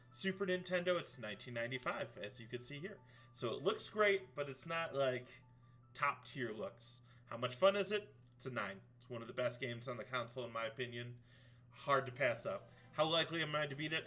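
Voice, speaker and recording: A man's voice: medium pitch, sharp tone. A man streaming a retro video game, chatting casually and rambling through his ratings and plans. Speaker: let's play streamer. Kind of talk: game commentary.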